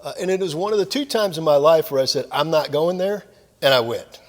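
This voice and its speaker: A man's voice: on the high side, lively intonation, quick pace, in a large hall. An older man, a retired naval officer, giving a lecture with folksy, self-deprecating stories and frequent fillers. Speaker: guest speaker at a military lecture series. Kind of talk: anecdotal lecture. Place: lecture hall of a club.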